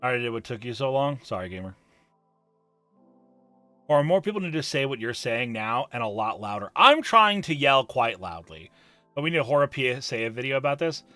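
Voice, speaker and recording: A man's voice: mid-range voice, big pitch swings, a little fast, sharp tone, no room sound, faint music behind. A man chatting on a live stream, emphatic and profane, ranting and reading chat messages aloud.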